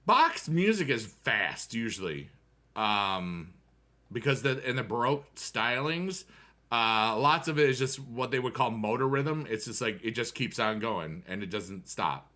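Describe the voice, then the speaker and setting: Animated but unhurried, a male streamer talks to his viewers mid-game, letting the conversation wander and humming here and there. His voice is medium in pitch with a sharp tone.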